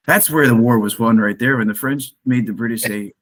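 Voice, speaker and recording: A man's voice: medium pitch, normal speed, a bit bright. A man on a podcast panel talking enthusiastically and laughing often. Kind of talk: casual discussion.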